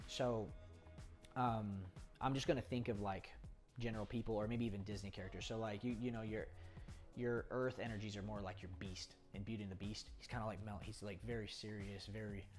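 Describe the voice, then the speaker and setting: A man's voice: fairly low pitch, steady tone, brisk, darkish tone, faint music behind. A young man explaining personality types in a casual, rambling way, often laughing and restarting sentences. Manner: chatty, rambling, laughs often, acts out quoted people. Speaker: poker coach. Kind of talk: casual talking-head explainer.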